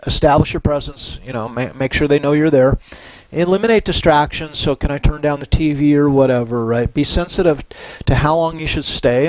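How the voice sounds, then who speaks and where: A middle-aged man giving a university psychology lecture in a relaxed, conversational way, often tagging on "right?" and "you know". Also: mid-range voice, low-quality recording. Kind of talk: recorded lecture.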